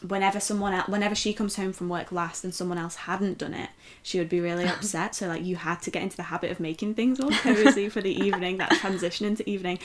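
A woman's voice: medium pitch, fairly even intonation, fast talker, slight background noise. Playful woman, podcast co-host. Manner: playful, teasing, laughs a lot. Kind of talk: casual chat.

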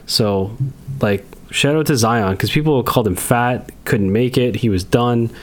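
A man's voice: medium pitch, measured pace. Man ranting bluntly on a podcast. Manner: blunt and ranting, swears a lot. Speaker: podcast co-host. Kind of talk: casual chat.

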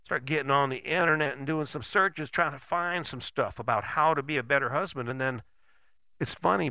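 A man's voice: medium pitch, lively intonation, moderate pace, sharp tone, no room sound. An older man giving a casual motivational talk, folksy and blunt, often checking in with "right?".

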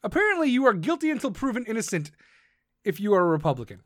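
A man's voice: high-pitched, big pitch swings, fast talker, fairly bright tone, no echo, clean studio sound. A man hosting a podcast, ranting in a profane, combative and sarcastic way. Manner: mocks others in put-on voices. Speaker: podcast host. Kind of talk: ranting monologue.

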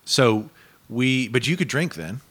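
A man's voice: medium pitch, animated, a little slow, fairly bright tone, husky. A man on a podcast, telling a shared story in casual chat and breaking into giggles. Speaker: podcast host.

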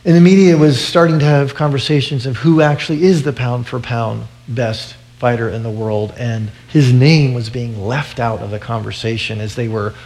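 A man preaching a sermon in an earnest, steady way at a mid pitch. He often stumbles over his openings and repeats words before carrying on. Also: moderate pace, hardly any pauses. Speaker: pastor.

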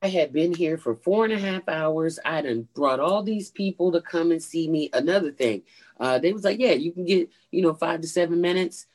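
Animated woman telling a comedy story. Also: moderate pace. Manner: animated, acts out quotes with big pitch jumps. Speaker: stand-up comedian, guest. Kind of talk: storytelling interview.

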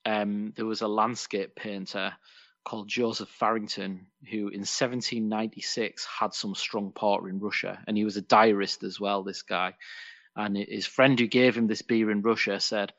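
A low-voiced man with a bright, forceful tone co-hosts a casual podcast, chatting with playful asides. The sound is dull and lo-fi, with a dry, close feel. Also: little pitch movement, normal speed, dry recording. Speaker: podcast co-host. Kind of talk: casual beer chat.

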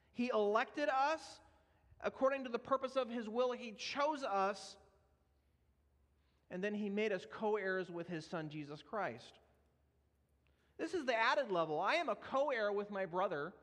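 A young man with a high, light voice preaches a sermon, telling a personal testimony in an earnest, storytelling way. His words carry with the long reverb of a large hall. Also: lively intonation, measured pace, long pauses, fairly bright tone. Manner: earnest storytelling, laughs at himself.

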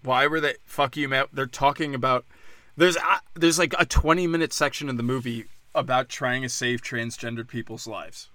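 A man's voice: mid-range voice, steady tone, normal speed, bright, forceful tone, no room sound. A man hosting a casual news rant, sarcastic and profane, rambling from story to story.

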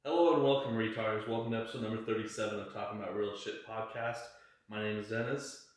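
A man co-hosts a casual podcast, rambling and swearing freely. His voice sits a little low. The room is very echoey. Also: steady tone, quick pace. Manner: crude, rambling, heavy swearing and fillers. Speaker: podcast co-host.

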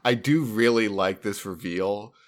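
A man co-hosting a podcast, talking about games in relaxed, thoughtful casual chat. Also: on the low side, measured pace. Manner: relaxed, thoughtful, with frequent short agreements. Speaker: podcast co-host.

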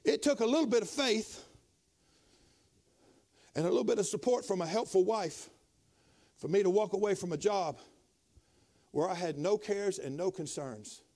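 A middle-aged man preaching a sermon as a pastor, dropping to quiet tones and then rising to loud exhortation. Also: high-pitched, expressive, normal speed, pauses often.

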